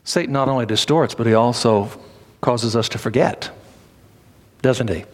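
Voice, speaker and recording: A man's voice: mid-range voice, normal speed. A man preaching a sermon in an emphatic style, repeating phrases and prompting his listeners for responses. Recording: long reverb of a large hall.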